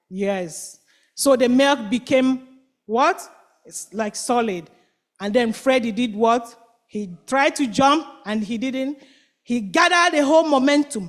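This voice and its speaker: A woman telling a children's story at church, animated and quizzing the listeners with call-and-response questions. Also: sits high.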